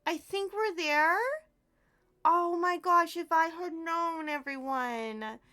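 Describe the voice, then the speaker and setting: Woman streamer, high voice, unhurried, giggly, casual live chat. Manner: giggly, chatty, thanks viewers warmly by name.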